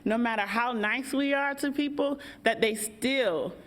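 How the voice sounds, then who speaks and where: A woman's voice: fairly high pitch, unhurried, a bit bright. An American woman, a workshop facilitator, speaking on a panel in an engaging, conversational way and asking the audience questions. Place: event hall.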